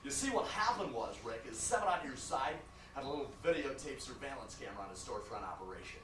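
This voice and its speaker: A man's voice: medium pitch, expressive, fast, voice pushed down, natural voice. A man doing a rambling chummy lawyer. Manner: rambling, chuckling storyteller. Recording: echoey room, distant mic, noisy.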